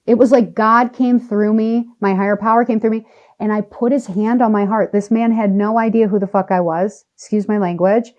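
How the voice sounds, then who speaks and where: Heard through dull audio, a woman with a medium-pitched voice tells a personal story as a podcast guest. She talks with animation and emphasis, speeding up or slowing down for effect.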